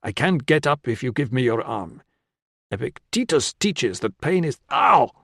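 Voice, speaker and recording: A man's voice: medium pitch, very animated, moderate pace, no echo, clean studio sound. A man voicing an anxious, apologetic, formal injured man with a skinny frame. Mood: pained.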